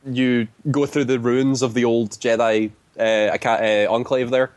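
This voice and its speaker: A man chatting casually, retelling a story at length and often slipping into quick acted-out quotes. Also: mid-range voice, little pitch movement, darkish tone, no room sound. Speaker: guest describing a video game. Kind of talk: casual chat.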